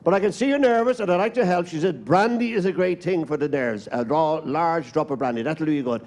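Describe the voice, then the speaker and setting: A man's voice: on the high side, fairly quick, darkish tone. A man with an Irish accent telling a joke on a live comedy stage, voicing a stewardess and a nervous passenger. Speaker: stand-up comedian.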